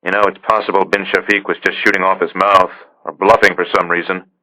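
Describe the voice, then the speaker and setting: A male narrator voicing a weary middle-aged spy chief who speaks in a measured, dry manner. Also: deep voice, level tone, bright, forceful tone, poor audio.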